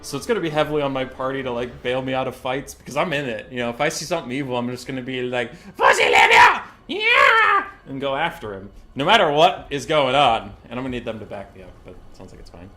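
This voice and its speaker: A man casting a game tournament on a live stream, chatty and excitable, swearing casually and chuckling often. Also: medium pitch, quick pace, few pauses.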